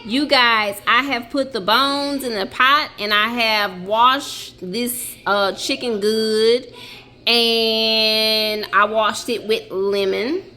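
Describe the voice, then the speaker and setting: A woman's voice: fairly high pitch, fairly even intonation, bright, forceful tone. A woman chatting casually while she cooks in her home kitchen for a vlog. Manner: chatty, quick, talks while working. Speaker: vlogger. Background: TV playing.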